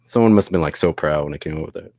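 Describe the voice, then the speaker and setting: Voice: a bass voice, racing, gravelly, dark tone, no echo. A live-stream co-host making dry jokes and laughing often. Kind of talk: casual live-stream chat.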